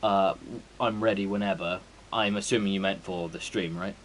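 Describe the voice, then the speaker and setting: Rambling, sweary man, low voice. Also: fairly even intonation, normal speed, slight background noise, low-quality recording. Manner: rambling, sweary, full of fillers. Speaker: game streamer. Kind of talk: casual chat before a stream.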